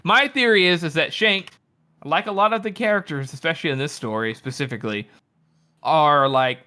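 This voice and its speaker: A man's voice: on the high side, normal speed, pushed and bright. A man co-hosting a book podcast, arguing his take in casual chat, laughing and swearing freely. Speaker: podcast co-host.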